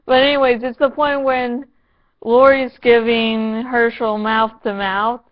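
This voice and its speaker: A woman vlogger talks slowly and with sarcasm, her voice a little high. She swears freely and keeps a playful edge. The recording sounds dull and lo-fi. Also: flat delivery. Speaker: vlogger reviewing a TV episode. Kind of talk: casual review vlog.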